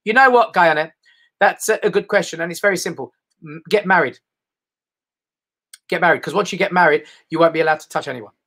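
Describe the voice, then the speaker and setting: Speaking a little high and fairly quick, with long pauses and a fairly bright tone, a middle-aged man from England rambles through casual live stand-up for viewers online. He's chatty and does impressions of other voices.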